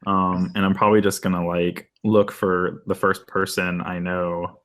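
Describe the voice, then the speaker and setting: Low-voiced man playing a tabletop game. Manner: relaxed, halting with fillers. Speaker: player. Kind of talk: casual tabletop role-play.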